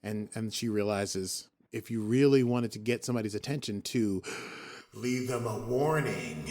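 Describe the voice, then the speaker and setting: A man's voice: lowish voice, normal speed, hardly any pauses, a little mellow. A man hosting a podcast in casual chat, rambling and jokey, often breaking off and restarting his sentences. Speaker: podcast host.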